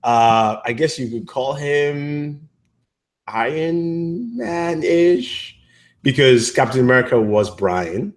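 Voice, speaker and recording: A man's voice: medium pitch, very animated, slow. A man co-hosting a casual movie review chat, rambling with many fillers and restarts. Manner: acts out characters' lines in quotes.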